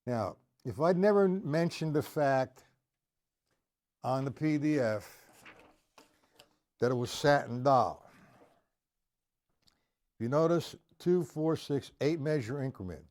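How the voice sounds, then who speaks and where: A man teaching drums on a live stream, talking through exercises in a slow, chatty way, greeting viewers by name and scatting rhythms aloud. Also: medium pitch, expressive, darkish tone. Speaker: drum teacher. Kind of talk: live-streamed drum lesson.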